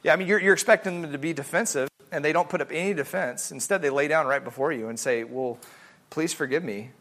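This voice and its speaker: A man teaching a family Bible study in a casual, animated way, acting out the voices he quotes. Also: fairly high pitch, fast talker.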